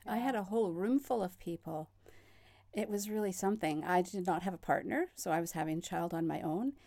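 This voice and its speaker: A woman speaking as a podcast guest, telling her story in relaxed conversation. Her voice carries a gravelly fry, and she laughs between thoughts. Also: on the low side, brisk. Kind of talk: casual conversation.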